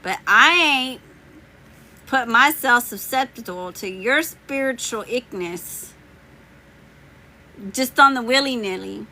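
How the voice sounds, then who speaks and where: In a slightly high, animated, bright voice with a forceful edge, she talks slowly and leaves long pauses. The tarot reader is casually answering viewers during a livestream, teasing and laughing in slangy fashion while her voice wears thin as she loses it.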